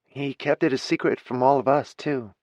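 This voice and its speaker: A male narrator voicing a fair-minded grown daughter who speaks gently and evenly. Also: medium pitch, fairly even intonation, dry recording, voice pushed up, natural voice. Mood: gentle. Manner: gentle, measured.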